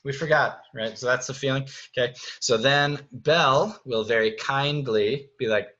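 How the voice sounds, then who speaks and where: A man's voice: medium pitch, fairly even intonation, normal speed, fairly bright tone, highs cut off. A man directing a stage musical, walking his cast through the staging in a casual, chatty video, checking in with "right?" and "okay?". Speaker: theater director.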